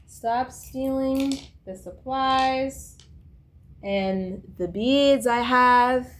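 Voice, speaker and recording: A woman vlogging in a casual, rambling monologue, repeating herself insistently and swinging between loud bursts and near whispers. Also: sits high, very slow. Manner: frequent fillers and restarts.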